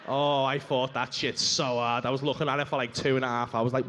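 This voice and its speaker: A man's voice: mid-range voice, flat delivery, a little fast, few pauses, a bit bright, slight background noise. A man doing a stand-up routine on a comedy club stage, brash and sweary as he rambles through stories.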